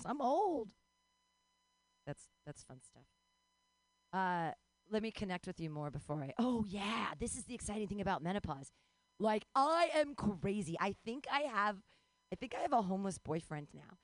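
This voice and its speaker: A woman in her forties doing a rambling, self-deprecating stand-up comedy set, breaking into sudden high yelps and laughter. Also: expressive, brisk, no room sound. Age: 40s.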